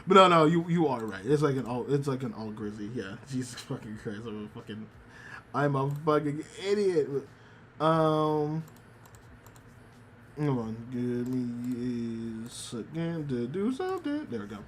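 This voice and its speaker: A man's voice: mid-range voice, animated, unhurried, fairly bright tone, a little hiss or hum. A man streaming as a VTuber, chatting casually and rambling, often repeating himself and swearing freely. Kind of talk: casual livestream chat.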